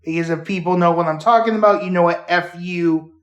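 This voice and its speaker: A man hosting a casual podcast, retelling a show haltingly with many fillers and restarts. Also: high-pitched. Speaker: podcast host. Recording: roomy echo.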